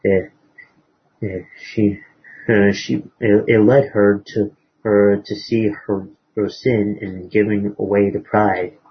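A man preaching, retelling a moral story in a halting way with many fillers and restarts. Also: lowish voice, level tone, breathy edge. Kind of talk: sermon storytelling. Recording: dull lo-fi recording.

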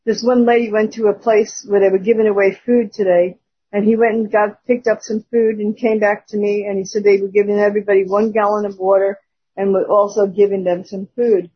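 A husky, slightly breathy voice shares a testimony during an online church service, speaking earnestly and in halting phrases. The delivery stays level and monotone. It arrives as muffled, lo-fi phone audio. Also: medium pitch. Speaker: church member giving a testimony. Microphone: phone on a call.

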